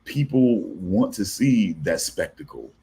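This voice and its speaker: A man's voice: sits low, big pitch swings, slow pace, creaky, dark tone, breathy edge. A man in a casual chat who rambles loosely with many fillers.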